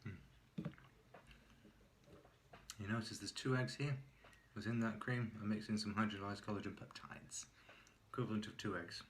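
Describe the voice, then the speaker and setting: Male vlogger, lowish voice, chatty and self-deprecating, faint hiss on the track. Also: fairly even intonation, moderate pace, pauses often, poor audio. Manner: chatty, self-mocking, chuckles often. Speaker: cooking vlogger. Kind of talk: casual cooking and eating vlog.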